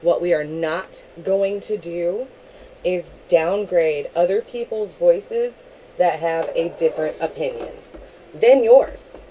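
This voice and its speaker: A woman's voice: fairly low pitch, slow pace, mellow, a little hiss or hum, poor audio. A young woman on a livestream, angrily ranting at another streamer, swearing heavily and talking confrontationally. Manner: angry, profane, confrontational. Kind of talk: angry livestream rant.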